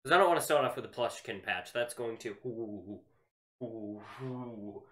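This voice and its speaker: A man's voice: medium pitch, animated, quick pace, fairly bright tone, reverberant. A man playing a VR horror game as a YouTuber, jumping between nervous laughter and frightened shrieks. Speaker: gaming YouTuber.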